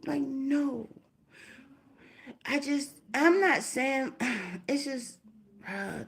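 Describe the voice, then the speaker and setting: A woman's voice: high-pitched, animated, very slow, creaky, pauses often. A young woman ranting bluntly and profanely on a casual livestream, firing off rhetorical questions while doing her hair.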